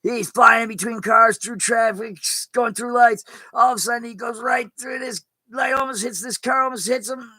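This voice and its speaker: A man's voice: very high-pitched, fairly even intonation, normal speed, pushed and bright, no room sound, rough recording. A man, a pastor, giving a casual, rambling sermon in plain spoken words with some mild cursing. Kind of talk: casual streamed sermon talk.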